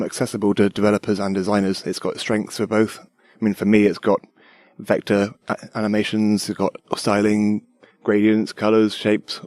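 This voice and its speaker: A man's voice: fairly low pitch, darkish tone, no room sound. A young man, a designer, chatting eagerly about his work in a rambling way with fillers. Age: young adult. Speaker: designer guest. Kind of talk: casual tech chat.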